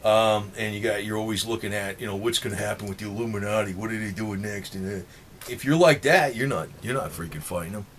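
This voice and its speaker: A man's voice: lowish voice, fast, a bit bright, a little hiss or hum. A man with a New Jersey accent rambling in a monologue to his viewers, swearing freely and chuckling between points. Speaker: political vlogger.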